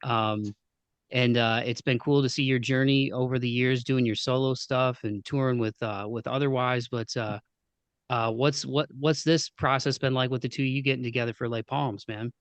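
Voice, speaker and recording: Midwestern man, podcast host, smooth voice, dry sound, easygoing. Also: medium pitch, steady tone, moderate pace, no room sound. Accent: Midwestern American. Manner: laid-back, says "man" and "dude" a lot. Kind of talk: casual interview chat.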